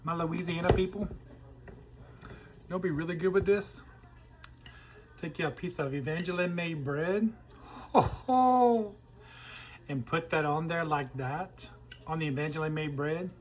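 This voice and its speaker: A man's voice: fairly high pitch, a little slow, pauses often, a little hiss or hum, low-quality recording. Folksy man cooking on camera. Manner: chatty and folksy, talks to viewers while tasting. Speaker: cooking show host. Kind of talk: casual cooking demonstration to camera.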